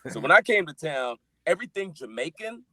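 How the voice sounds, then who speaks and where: Man, middle-aged, casual chat, relaxed storytelling, dry close sound. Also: a little fast, no echo. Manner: relaxed storytelling, dropping low and soft. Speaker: actor and guest.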